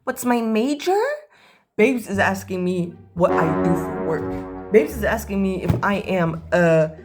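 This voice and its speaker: A young woman telling a casual storytime, animated and jokey, with dramatic swings into high-pitched exclamations. Her speaking voice sits a bit low for her age, and faint music plays underneath. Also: measured pace.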